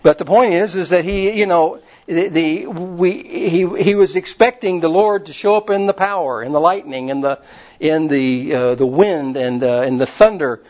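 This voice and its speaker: Male preacher, folksy rambling storyteller, slightly high voice, muffled lo-fi recording. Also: normal speed, darkish tone. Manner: folksy and rambling, with many fillers. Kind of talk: casual sermon storytelling.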